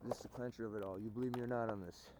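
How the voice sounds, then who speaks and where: Rambling male vlogger, lowish voice, repeats himself and swears oaths, noisy outdoor recording. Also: steady tone, rapid-fire. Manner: repetitive, swears oaths, restarts often. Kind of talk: rambling storytelling. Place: outdoors in snow.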